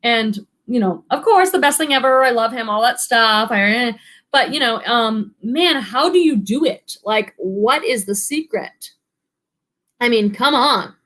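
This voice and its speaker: A woman's voice: fairly high pitch, expressive, moderate pace, fairly bright tone. A woman, an online reseller, hosting a casual live stream, chatting and reading viewer comments in a bubbly way, with lots of "like" and laughter. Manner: chatty, bubbly, many likes and ums, laughs often.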